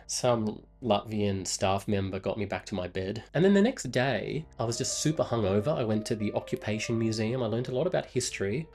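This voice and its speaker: A man's voice: lowish voice, a little mellow. A man in his twenties from Australia, with an Australian accent, telling a travel story in a rambling, casual way full of fillers and self-corrections. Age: 20s. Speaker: vlogger.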